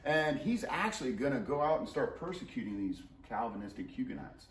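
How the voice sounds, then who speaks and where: A man teaches history in a loose, conversational lesson shared with a colleague, and his voice rises and falls with animated, joking energy. He sounds set back from the microphone, and the room around him rings noticeably. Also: medium pitch, brisk, background noise. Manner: animated and joking, playful asides. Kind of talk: casual co-taught history lesson. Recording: roomy sound, mic at a distance.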